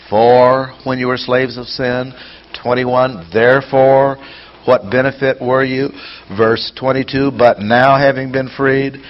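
A man teaching scripture verse by verse, reading passages aloud, then explaining them and asking rhetorical questions. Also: mid-range voice. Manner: poses rhetorical questions to listeners. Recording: dull lo-fi sound with faint noise.

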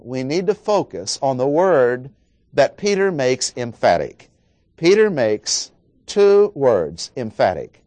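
A man preaching an expository sermon, working through verses and stressing key words with slow, dramatic pauses. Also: mid-range voice, a little mellow, no room sound.

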